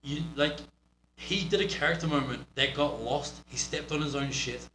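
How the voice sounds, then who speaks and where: A man's voice: a little high, normal speed, sharp tone. A man with a New Zealand accent, a pro wrestler giving a blunt, profane critique of a match. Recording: roomy echo with faint hum.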